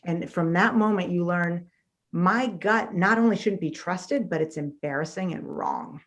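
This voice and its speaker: Animated woman guest telling stories. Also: lowish voice, measured pace. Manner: animated storytelling, acts out quoted voices. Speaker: guest, author. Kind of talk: conversational interview.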